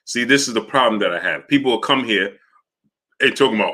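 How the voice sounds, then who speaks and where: Here a boxing live-stream host speaks briskly at medium pitch with a sharp tone. In casual stream commentary he argues with chat, goes over the same points repeatedly and calls out viewers' names.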